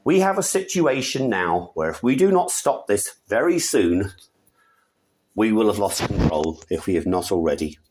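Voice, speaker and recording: Indignant British ranting man, lively pitch. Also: a little hiss or hum. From Britain. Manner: indignant, emphatic, with sudden pitch jumps and quick muttered asides. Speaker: video commentator. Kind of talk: angry opinion rant to camera.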